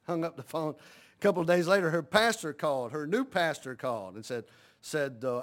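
A man's voice: fairly high pitch, lively intonation, moderate pace, a bit bright. A middle-aged man preaching a folksy, rhythmic sermon as a Baptist pastor, calling for amens.

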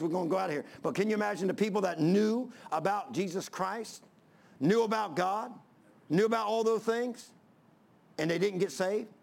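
Male preacher, high and gravelly, emphatic sermon in church. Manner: emphatic, repetitive, building to shouts. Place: church before a congregation.

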